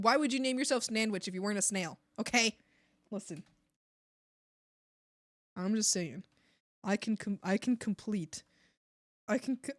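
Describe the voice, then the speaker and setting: A woman's voice: a little high, a bit bright, dry recording, studio quality. A woman streamer chatting casually with her chat, playful and teasing, laughing often into a desk mic. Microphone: desk microphone.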